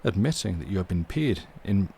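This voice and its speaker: A man's voice: deep voice, big pitch swings, fairly quick, gravelly, mellow, breathy edge, full character voice. A man doing a blunt ship's mate. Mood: wry. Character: blunt Scottish ship's mate, sharp-tongued.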